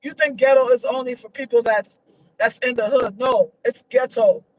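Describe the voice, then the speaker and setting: A woman's voice: fairly high pitch, fairly even intonation, moderate pace, a little hiss or hum, poor audio. A woman giving her opinions in a casual vlog, emphatic and repetitive, her voice leaping up when she gets indignant. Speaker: vlogger.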